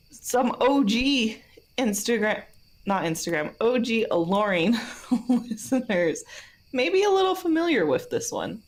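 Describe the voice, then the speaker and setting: A woman co-hosting a podcast in casual chat, laughing often between her phrases. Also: mid-range voice. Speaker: podcast co-host.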